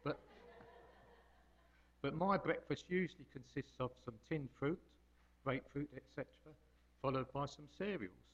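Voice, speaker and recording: A man's voice: on the high side, normal speed, pauses often, a bit bright, muffled recording. A man giving an informal devotional talk as a lay preacher, homely and rambling, hesitating with frequent ums.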